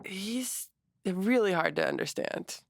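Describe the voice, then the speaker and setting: A young adult woman co-hosting a casual podcast, retelling stories quickly with lots of quoted reactions. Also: medium pitch, animated, vocal fry, dry recording. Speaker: podcast co-host. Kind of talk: casual chat.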